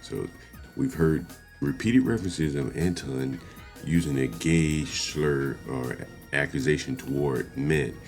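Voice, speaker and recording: A man hosting commentary on a clip, speaking in a measured, analytical way and chuckling between points. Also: extremely low pitch, darkish tone, soft background music. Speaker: commentary host.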